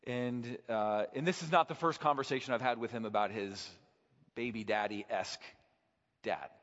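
A man's voice: mid-range voice, normal speed, fairly bright tone. A man preaching a sermon, telling a personal story and building to fervent, passionate peaks. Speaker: pastor. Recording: dull sound in a hall with long reverb.

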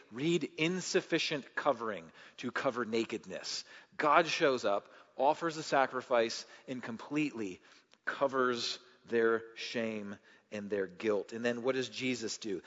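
A man preaching a sermon as pastor, swinging between loud impassioned passages and relaxed storytelling with fillers. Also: mid-range voice. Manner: rising to loud impassioned delivery, then easy conversational storytelling with fillers. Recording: dull sound with long hall reverb.

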